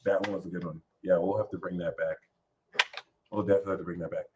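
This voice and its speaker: A man's voice: deep voice, flat delivery, quick pace, background noise. A man giving a casual tarot reading, talking in a playful, rambling way and swearing freely. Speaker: tarot reader.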